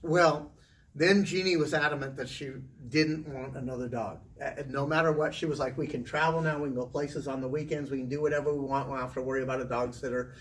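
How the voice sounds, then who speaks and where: A middle-aged man, a former teacher, telling a long casual story to interviewers, chatty and animated, swearing now and then. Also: medium pitch, fast talker. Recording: distant mic with faint room noise.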